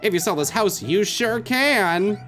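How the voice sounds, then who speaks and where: A let's-play streamer putting on a pushy, cheesy advert salesman for a moon trip, with an overblown singsong pitch. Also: lively intonation, a little slow, a bit bright, faint music behind. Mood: salesy.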